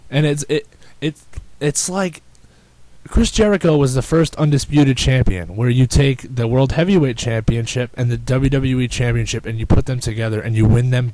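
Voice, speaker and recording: Rambling, excitable podcast guy. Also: mid-range voice, no echo, rough recording. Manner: rambling, excitable, many restarts. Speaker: podcast host. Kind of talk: casual chat.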